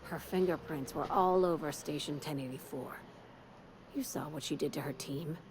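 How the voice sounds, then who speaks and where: A woman's voice: sits low, normal speed, background noise. A woman voicing a cynical corporate woman who hires an assassin in a video game, blunt and sardonic.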